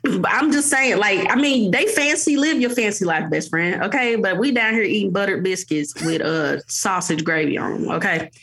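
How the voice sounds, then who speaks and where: Animated Southern woman telling stories. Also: medium pitch, moderate pace, husky. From Tennessee, USA. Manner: animated storyteller, acts out quoted voices. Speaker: guest, teacher. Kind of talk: casual chat.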